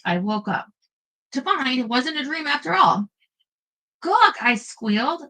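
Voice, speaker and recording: A woman reads a first-person paranormal romance aloud with playful expression. Her voice is bright and fairly high, and she drops into loose, chatty asides between passages. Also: rough recording. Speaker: audiobook narrator.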